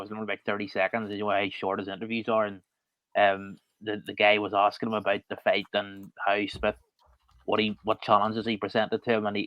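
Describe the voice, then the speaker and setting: A low-voiced man rambles through a story in a relaxed way. He is a podcast co-host chatting casually. The sound is dry and close. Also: dry recording, dull audio.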